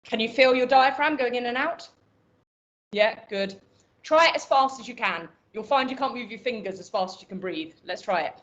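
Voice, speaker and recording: Irish woman, voice coach, higher voice, muffled call audio, instructive. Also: moderate pace, a bit bright. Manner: instructive, demonstrates vocal exercises. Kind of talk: online voice coaching class.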